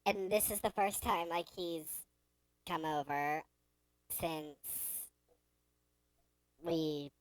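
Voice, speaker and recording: A woman's voice: lowish voice, very slow, long pauses, no echo, low-quality recording. A young woman co-hosting a podcast in casual chat, trying to tell a story, laughing often and getting exasperated at interruptions. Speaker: podcast co-host.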